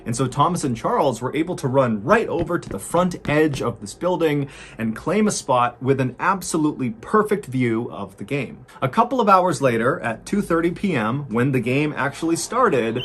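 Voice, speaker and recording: At a moderate pace, with a little hiss or hum in the background, a man recounts a true story with suspense. He builds tension steadily and lifts his voice higher when things get exciting.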